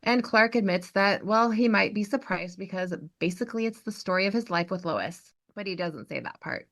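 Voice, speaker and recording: A woman hosting a podcast, recapping a TV episode as an animated storyteller. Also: mid-range voice, moderate pace. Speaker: podcast host.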